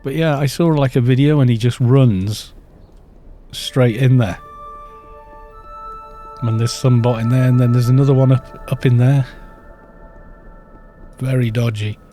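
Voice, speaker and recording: A man's voice: mid-range voice, steady tone, a little slow, long pauses, mellow, soft background music. A man streaming a game live, chatting casually and telling rambling stories between remarks on play. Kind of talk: casual live-stream chat while gaming.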